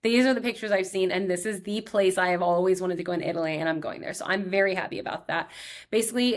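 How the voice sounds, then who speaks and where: A young woman hosting her own show, talking in a chatty, excitable way full of fillers. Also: mid-range voice. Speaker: podcast host. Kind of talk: casual solo chat.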